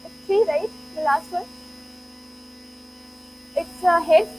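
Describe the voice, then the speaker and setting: A woman's voice: extremely high pitch, slow pace, noisy background. A woman giving an interactive classroom lecture, playful, laughing often and urging the students on. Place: lecture hall.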